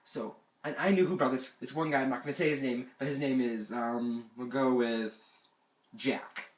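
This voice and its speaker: A man's voice: mid-range voice, normal speed. Young man telling a rambling camp story. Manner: rambling and animated, bursts of anger. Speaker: vlogger. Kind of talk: casual storytime. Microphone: camera mic. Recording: echoey room.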